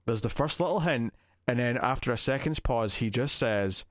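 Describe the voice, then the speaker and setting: A man's voice: medium pitch, normal speed, dry recording, studio quality. A man co-hosting a podcast, chatting casually about a film and acting out scenes as he retells them. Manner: animated retelling, acts out scenes in quoted voices. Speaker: podcast co-host. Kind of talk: casual film review chat.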